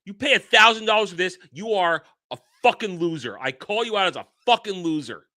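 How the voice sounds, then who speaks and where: A man hosting a commentary show, ranting angrily and swearing, sometimes shouting. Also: high-pitched, lively intonation, a little fast. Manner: angry, profane, shouting rants. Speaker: show host.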